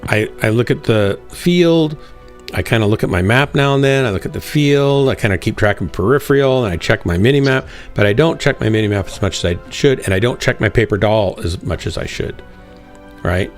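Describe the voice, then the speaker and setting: A man's voice: fairly low pitch, animated, a little fast, soft background music. A man hosting a live game stream, chatting casually and self-deprecatingly with viewers while he plays.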